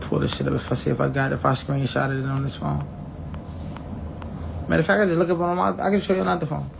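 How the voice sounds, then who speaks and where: Over a noisy background, a man recounts a personal story to viewers, fast and level-toned, in a fairly high, creaky voice. He's blunt and profane, plays out what others said, and repeatedly restarts his words.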